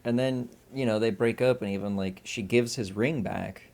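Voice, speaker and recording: A man co-hosting a casual film podcast, retelling scenes loosely and profanely, slipping into quick quoted voices. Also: mid-range voice, gravelly, a little mellow. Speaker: podcast co-host. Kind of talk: casual film-review chat.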